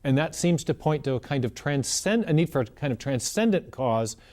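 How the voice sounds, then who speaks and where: A man of ordinary, middle pitch speaks as an interview guest. He explains in a conversational yet earnest manner, building each point carefully on the last. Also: lively intonation, normal speed, darkish tone.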